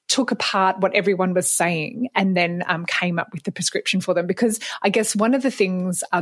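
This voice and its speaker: A woman's voice: medium pitch, no echo, studio quality. A woman, a librarian and podcast co-host, chatting in an interview with lots of ums and frequent laughs. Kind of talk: casual interview chat.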